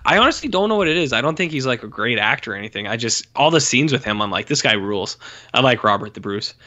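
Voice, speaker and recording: A man's voice: medium pitch, animated, fast, pushed and bright, muffled recording. A man co-hosting a podcast, chatting casually about a film, rambling with many fillers and acting out scenes in little voices. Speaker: podcast co-host. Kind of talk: casual film review chat.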